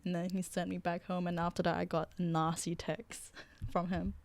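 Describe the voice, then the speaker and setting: A woman's voice: lowish voice, flat delivery, normal speed, creaky, a little mellow, no echo. A woman from Malaysia, a photographer and podcast guest, telling stories candidly and laughing often. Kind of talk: casual chat.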